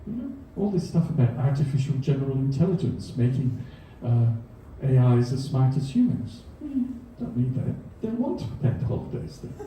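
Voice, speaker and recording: A man's voice: medium pitch, very animated, moderate pace, hardly any pauses, dark tone, slight background noise. A man giving a comedy science talk on stage, with dry, self-deprecating humor and chuckles at his own jokes. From Australia. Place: comedy venue stage before a live audience. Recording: echoey hall, mic from a distance.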